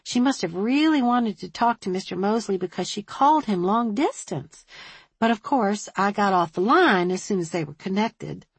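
A woman's voice: mid-range voice, lively intonation, normal speed, husky, no echo, pitched above the performer's own voice. A woman voicing a chatty small-town switchboard operator who is eager and a bit defensive.

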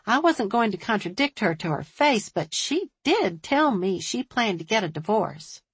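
A woman voicing a shrewd, observant small-town woman who talks briskly and thoughtfully. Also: mid-range voice, very animated, breathy edge, no room sound, voice pushed up. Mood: confiding.

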